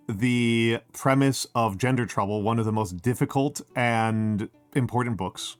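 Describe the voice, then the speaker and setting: A man's voice: mid-range voice, a little slow, few pauses, no room sound, faint music behind. A man livestreaming a casual chat, rambling and wry, who restarts his sentences and says he is short on sleep. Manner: rambling and self-interrupting, with many fillers and restarts; wry and joking. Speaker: streamer.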